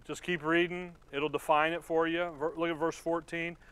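A man preaching a Bible-study sermon in a conversational, folksy way, laughing often and reading scripture slowly and deliberately. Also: on the high side, level tone, a bit bright, clean tone. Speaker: pastor.

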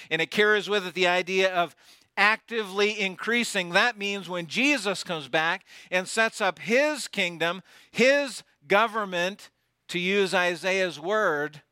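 A man preaching a sermon, swinging from loud declarations down to near whispers and putting rhetorical questions to his congregation. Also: high voice, clear, resonant tone, dry recording, studio quality. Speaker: pastor.

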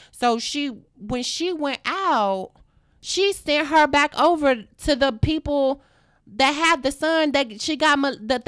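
A woman's voice: high-pitched, fairly bright tone, no echo, studio quality. A woman casually telling a story in a blunt, profane way, acting out the dialogue.

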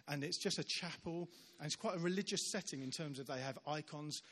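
A man preaching a sermon, his voice pitched a little high. He tells stories in an animated way, acting out the people in them. His words carry a long reverb through a large church hall. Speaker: visiting preacher. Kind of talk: sermon storytelling.

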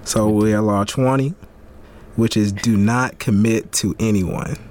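Brief: male podcast co-host, slightly low pitch, relaxed slangy banter. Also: a little slow, a little hiss or hum. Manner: laid-back, joking, slangy. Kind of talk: casual chat.

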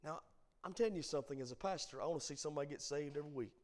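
Pastor guy preaching at bible study, bit high voice, lilt, goes quiet then really loud. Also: very fast. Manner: swings from hushed asides to loud emphatic preaching. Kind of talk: sermon.

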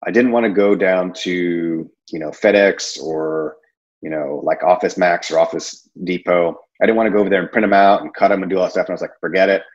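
Rambling low-voiced man, lo-fi. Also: fairly even intonation, fairly quick. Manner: rambling, conversational, many fillers and restarts. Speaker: insurance sales presenter. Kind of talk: casual training talk.

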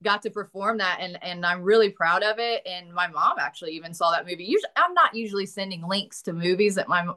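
A woman's voice: lowish voice, expressive, quick pace, few pauses, pushed and bright. A woman with a Southern US accent, an actress chatting casually in an interview, laughing often and swearing lightly. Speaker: actress guest.

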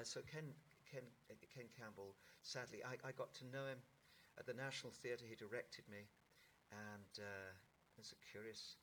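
A middle-aged actor telling anecdotes in an interview, in a lively raconteur's manner with halting restarts. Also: male voice, medium pitch, a little hiss or hum. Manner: animated raconteur, mimics voices, halting restarts. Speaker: actor guest.

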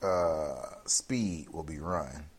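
A man's voice: a bass voice, drawn-out words, breathy edge. A man co-hosting a podcast, telling rambling, playful stories in casual banter. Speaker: podcast co-host.

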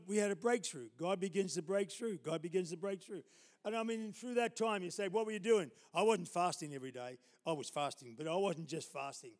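A man preaching a sermon as a pastor, telling personal stories with chuckles and building to loud, emphatic declarations. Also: on the high side, long reverb tail. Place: church.

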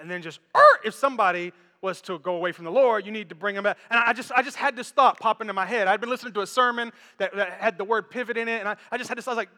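A man preaching a lively, conversational sermon in a church, joking with the congregation and demonstrating on stage. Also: high voice, rapid-fire, few pauses, in a large hall. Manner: animated, conversational, repeats words, jokes with congregation. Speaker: pastor.

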